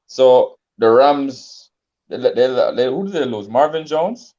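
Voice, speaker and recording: A man's voice: medium pitch, expressive, takes it slowly, darkish tone, dull audio. A man co-hosting a casual sports talk show, laid-back and hesitant, with frequent ums and restarts. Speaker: sports podcast co-host.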